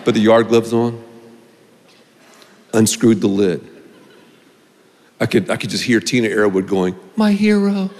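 A middle-aged male pastor preaching a sermon, telling a story with animated delivery and acted-out voices, in a large church auditorium. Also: fairly low pitch, unhurried, pauses often, a little hiss or hum. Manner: animated, acts out voices in anecdotes. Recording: long reverb of a large hall.

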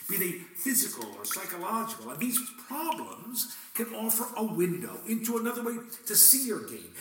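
A man's voice: sits high, a bit bright. A man delivering a dramatic spoken monologue addressed to God, theatrical and questioning, wry and prone to bursts of swearing. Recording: echoey room, mic at a distance, faint noise.

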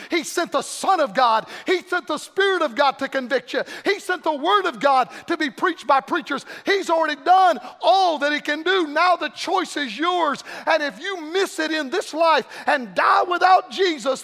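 A man preaching an impassioned revival sermon, swinging from shouted pleas to low, hushed warnings. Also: creaky, in a large hall.

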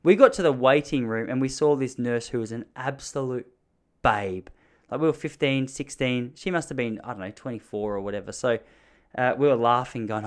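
Self-mocking man telling a story. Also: brisk. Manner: animated, self-mocking, jumps into high panicky voices for his younger self. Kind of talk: comic storytelling.

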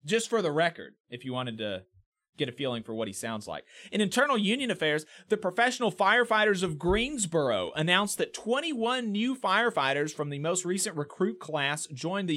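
A man's voice: high-pitched, sing-song, normal speed, a bit bright. A man hosting a labor news podcast, reading a news roundup with opinionated, sarcastic commentary.

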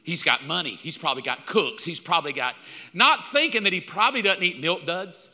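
A man in his fifties preaching a sermon, telling stories with animated, mock-outraged outbursts. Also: a little high, brisk, long reverb tail. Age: 50s. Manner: animated storytelling, jumps up loud in mock outrage. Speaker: pastor.

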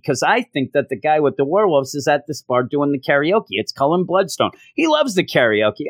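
A man's voice: on the high side, very animated, a little fast, few pauses, no echo, clean studio sound. A man giving a sarcastic, exasperated comedic rant as a comic book reviewer, acting out scenes in different voices.

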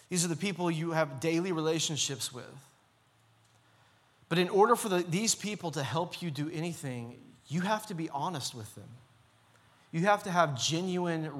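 Male pastor, fairly high voice, earnest, repetitive and urging. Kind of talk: sermon. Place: church.

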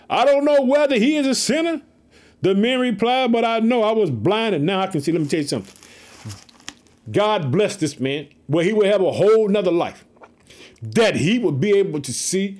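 A man reading a Bible passage aloud and preaching on it in an animated, casual way, repeating phrases and talking straight to his listeners. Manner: swings between raised, quick bursts and low, slow asides. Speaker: preacher reading and explaining scripture. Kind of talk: lively Bible reading with commentary.

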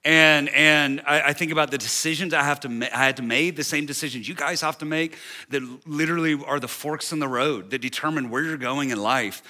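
A senior pastor in his forties preaches to a young adult service in a large church auditorium, speaking candidly and emotionally while joking and cutting himself off. His voice is fairly high, bright, and forceful, and he talks fairly quickly.

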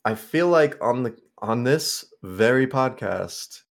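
A man's voice: medium pitch, expressive, takes it slowly, creaky. Young guy rambling on a podcast, lots of likes and ums, swears some. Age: young adult. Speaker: podcast co-host. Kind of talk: casual chat.

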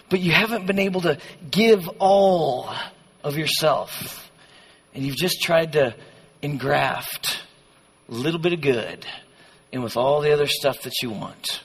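Man, youth pastor, sermon, bright tense tone, passionate, conversational, echoing church hall. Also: fairly high pitch, normal speed, slightly rough. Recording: long hall reverb.

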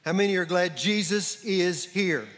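A male pastor delivers a sermon with animated energy, calling for the congregation to respond. His voice sits a bit higher than usual for a man. The sound carries a long reverb from a large church hall. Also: a little slow. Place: church sanctuary.

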